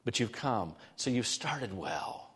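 A middle-aged male pastor preaching a conversational, animated sermon in a church, swinging between lively emphasis and soft, prayerful asides. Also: mid-range voice, slow pace, breathy edge, in a large hall. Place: church sanctuary.

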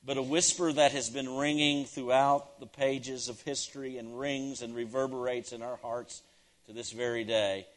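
A man preaching a sermon, swinging from loud, emphatic declarations down to hushed, near-whispered lines and repeating key phrases for effect. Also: mid-range voice, flat delivery, moderate pace. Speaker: pastor.

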